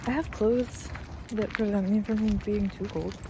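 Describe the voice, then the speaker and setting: Soft-spoken young woman vlogging. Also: mid-range voice, steady tone, a little slow, noisy background. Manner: soft, half-whispered musing; emotional, gushing. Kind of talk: casual vlog talk to camera. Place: outdoors on a winter hike.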